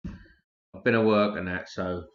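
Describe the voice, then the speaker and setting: A man's voice: low-pitched, steady tone, measured pace. Tired, swearing man on stream. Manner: loose, profane, chatty. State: tired, yawning. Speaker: livestream host. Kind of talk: casual live stream chat. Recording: roomy, dull lo-fi stream audio.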